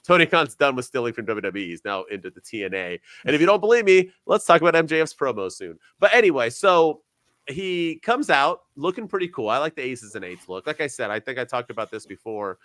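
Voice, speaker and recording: A young man co-hosting a casual wrestling podcast, talking with sarcasm and swinging between loud bursts and quiet asides. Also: mid-range voice, a little fast, no room sound. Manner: animated, sarcastic, jumps between loud and soft. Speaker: podcast co-host.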